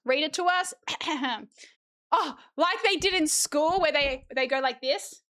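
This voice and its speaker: A young woman chats on her stream, her voice pitched high. She reads a picture book aloud in a playful, jokey way and drops swear words for laughs. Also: unhurried, fairly bright tone. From Australia. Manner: chatty, playful, swears while reading. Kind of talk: casual chat, reading a kids' book aloud.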